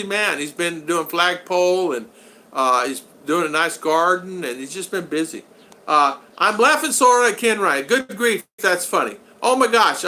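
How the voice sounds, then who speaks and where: A man's voice: on the high side, pushed and bright, rough recording. An older man hosting a live stream, chatting loosely and greeting viewers by name as he rambles. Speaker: vlog host reading live chat. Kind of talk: casual live-stream chat.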